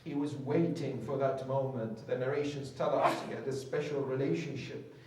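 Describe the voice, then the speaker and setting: Impassioned preacher in an echoey hall. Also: male voice, medium pitch, fairly even intonation, moderate pace, distant mic, slight background noise. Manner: dramatic, rising to loud emotional peaks, rhetorical questions. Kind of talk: impassioned sermon narration.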